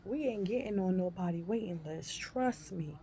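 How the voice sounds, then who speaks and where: A woman in her fifties telling a personal story in a folksy, animated way and calling listeners honey and baby. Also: lowish voice, moderate pace. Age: 50s. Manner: animated, acts out her own cries and shrieks. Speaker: vlogger.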